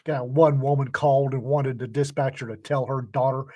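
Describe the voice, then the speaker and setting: A man's voice: medium pitch, steady tone, moderate pace, dark tone. An older man in casual conversation, telling folksy stories and acting out the voices of the people in them. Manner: folksy storyteller who acts out quoted voices. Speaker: podcast co-host telling stories. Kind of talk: casual storytelling chat.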